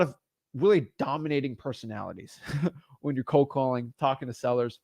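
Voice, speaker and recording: A man coaching real estate wholesaling in a blunt, energetic, casual way. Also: medium pitch, moderate pace, dry recording, clean studio sound. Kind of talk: casual instructional talk.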